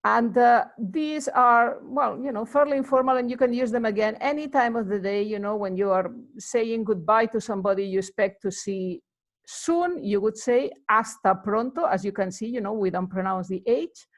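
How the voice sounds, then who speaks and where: A female Spanish teacher gives a casual, rambling lesson explaining greetings, chatty and full of fillers. Her voice is on the high side, at a moderate pace.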